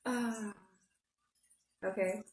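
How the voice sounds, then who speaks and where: A woman's voice: mid-range voice, fairly even intonation, drawn-out words, recorded from a distance. A woman giving a casual spiritual forecast, chatty and giggly, often checking in with "okay?". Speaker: astrology forecaster. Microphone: headphones. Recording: roomy echo, a bit off-mic, faint room hum.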